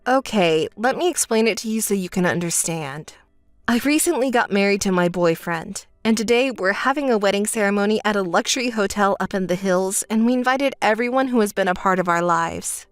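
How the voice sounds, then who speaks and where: A level-headed young woman in a narrated texting story, played by a woman, speaking lower than her sister and staying flat and dismissive. She answers in a dry, blunt tone. The recording is dry and close, with faint music underneath. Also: a little fast, clear, resonant tone, no echo, lightly acted. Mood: calm.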